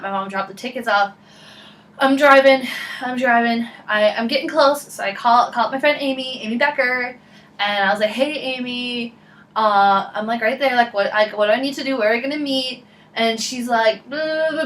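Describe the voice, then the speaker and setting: Excitable young woman telling a rambling story. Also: fairly high pitch. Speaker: vlogger. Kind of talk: casual storytelling vlog. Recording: voice a bit far from the mic, faint background noise.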